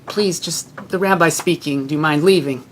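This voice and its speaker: Man putting on nervous apologetic parents, stammery, a bit higher and louder. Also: close to an everyday voice. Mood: flustered. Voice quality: hurried, apologetic. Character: flustered apologetic parents at an event.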